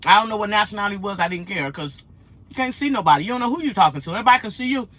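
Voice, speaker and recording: A woman, vlogging in an animated, chatty way and telling stories. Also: mid-range voice, very fast. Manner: animated, laughs often, acts out quotes. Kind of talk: casual chatty storytelling.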